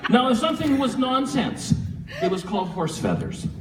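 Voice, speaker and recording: A man giving a humorous eulogy for his father at a church memorial, a lively storyteller who chuckles often. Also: extremely high pitch, normal speed. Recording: echoey hall from far off with faint room noise.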